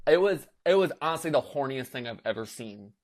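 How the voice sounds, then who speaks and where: A young man co-hosting a podcast, chatting casually and telling an animated story, acting out quotes with lots of filler words. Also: mid-range voice, brisk, crowd noise. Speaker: podcast co-host. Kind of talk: casual chat.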